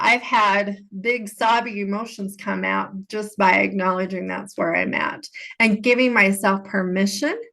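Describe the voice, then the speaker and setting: Woman, podcast host and coach; earnest, conversational, mid pitch, repeats phrases for emphasis. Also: gravelly, pushed and bright. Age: adult. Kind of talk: casual solo podcast talk.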